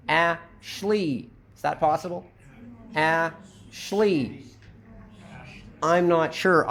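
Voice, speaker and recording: A man's voice: a little high, a bit bright. A man teaching pronunciation and reviewing his students' phonetic transcriptions, patiently drawing out each sound as he demonstrates it.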